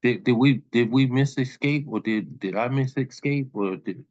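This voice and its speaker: A man's voice: medium pitch, moderate pace, a little mellow, no room sound, dull audio. A man hosting an open mic on a video call, talking in a laid-back, playful, slangy way.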